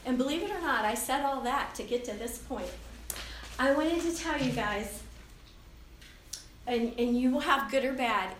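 High-voiced woman in her fifties, laughing often. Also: slight background noise. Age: 50s. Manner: chatty and animated, laughing often, acting out inner voices. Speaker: youth speaker. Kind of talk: informal Christian talk to young people. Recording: roomy, distant hall mic with faint ambience.

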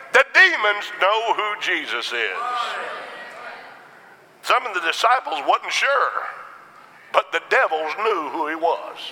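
Slow, bright-voiced preacher man. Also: a little high, in a large hall, a little hiss or hum, rough recording. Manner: rhythmic call-and-response preaching with Amens. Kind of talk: sermon.

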